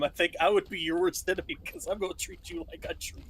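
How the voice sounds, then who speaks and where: A man's voice: on the high side, brisk, a bit bright, a little hiss or hum. A man hosting a casual gaming stream, rambling and laughing often with friends. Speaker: streamer host.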